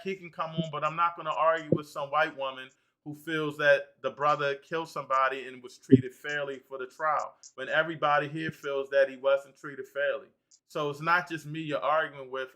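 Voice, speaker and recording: Emotional male host of a live talk stream; bright, fairly high voice, emphatic, repeats his words. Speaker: livestream host. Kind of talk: heated live panel discussion.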